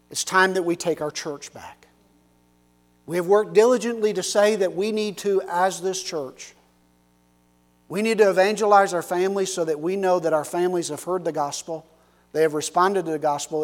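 A male pastor giving an earnest, emphatic sermon. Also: fairly high pitch.

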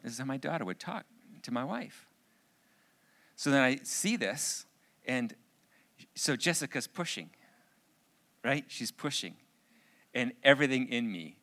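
A middle-aged man telling a personal story in a sermon, an animated storyteller with jokey asides. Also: mid-range voice, measured pace, pauses often. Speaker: speaker.

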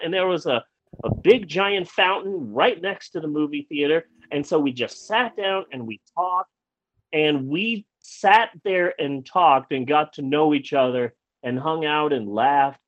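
Animated storytelling man, fairly high voice. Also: normal speed, no room sound, dull audio. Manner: animated, acts out quoted lines; rambling with frequent restarts. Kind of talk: casual anecdote telling.

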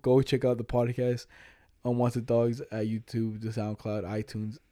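A man's voice: mid-range voice, unhurried, dry recording, clean studio sound. A man in his twenties, co-hosting a podcast, telling a story casually and profanely, acting out quoted chat lines. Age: 20s. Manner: animated, profane, retelling chats with quoted lines. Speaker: podcast co-host.

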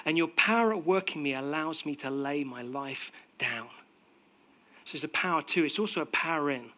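A man preaching a sermon in a conversational, animated way, acting out little quotes as he goes. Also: fairly high pitch, moderate pace.

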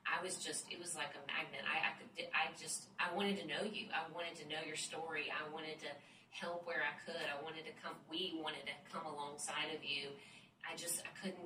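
A woman's voice: low voice, fairly even intonation, normal speed. A woman speaking emphatically and devoutly as a church friend giving testimony. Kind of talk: personal testimony. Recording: roomy, distant mic, audible noise.

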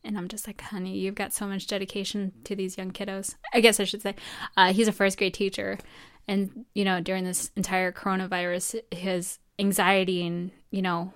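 A young woman in medical school chats casually with an animated storytelling manner, acting out what others said. Her voice sits at an ordinary middle pitch. The talk is relaxed and conversational. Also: moderate pace, smooth. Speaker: medical student. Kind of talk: casual chat.

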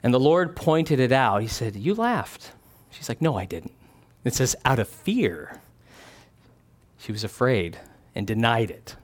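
A man preaching a sermon, animated, dropping his voice low and soft when he acts out quoted lines. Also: unhurried.

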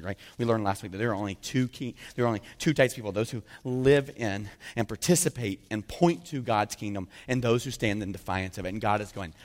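A man preaching a sermon in an animated way, acting out the dialogue of the figures he talks about and often asking "right?" of his listeners. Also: fairly low pitch, brisk, hardly any pauses. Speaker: pastor. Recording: long hall reverb.

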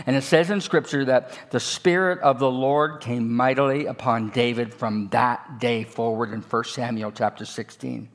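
A male pastor preaching a sermon, telling stories in an animated way that swings between loud and hushed. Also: mid-range voice, moderate pace, few pauses.

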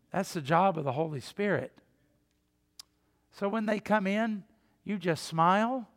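An older pastor with a high-sitting voice preaches a conversational sermon in a large church sanctuary. He asks the congregation questions and puts on mock voices.

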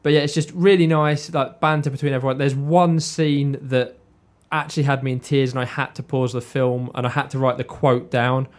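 A man, chatting as podcast co-host and telling stories in a relaxed, chatty way. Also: medium pitch, normal speed, few pauses. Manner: chatty storyteller, often says like and obviously. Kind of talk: casual chat. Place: warm indoor room.

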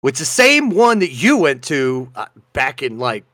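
A man's voice: medium pitch, very animated, a little slow, a bit bright, dry recording, clean studio sound. A man, co-hosting a casual comedy chat and telling stories in a playful, self-mocking way. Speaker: podcast co-host.

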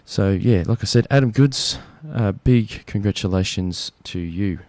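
A man's voice: fairly low pitch, measured pace, darkish tone, no room sound. A young Australian man hosting a community radio show, chatting casually and jokily with plenty of fillers. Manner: chatty, jokey, rambling with fillers.

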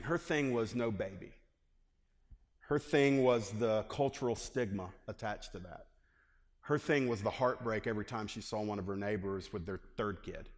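Casting note: pastor, male, mid-pitched voice, animated preaching with long hall reverb. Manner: lively preaching, asks the congregation questions. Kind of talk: sermon. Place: church hall.

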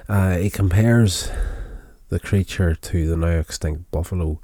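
A man's voice: sits low, unhurried, mellow, dry recording, clean studio sound. A tired man casually recapping a television episode, rambling with many fillers and restarts. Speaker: show recapper.

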